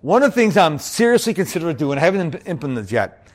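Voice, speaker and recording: A man giving an upbeat, energetic motivational talk on productivity to an audience, who also hosts a podcast. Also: fairly high pitch, quick pace. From United States. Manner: bouncy and upbeat, always energetic. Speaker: productivity speaker and podcast host.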